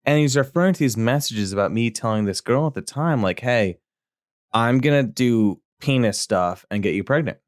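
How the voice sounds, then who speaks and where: A male co-host with a voice on the low side tells a crude, filler-heavy story at normal speed in a casual podcast conversation. He rambles, belts out quoted lines in a raised voice, and the studio-quality recording has no echo.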